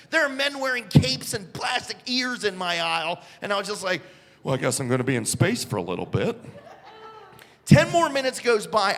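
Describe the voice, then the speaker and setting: A man performing a live stand-up comedy set, telling a story with bursts of shouting and put-on voices. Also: sits high. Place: comedy club stage. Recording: live club recording with long reverb.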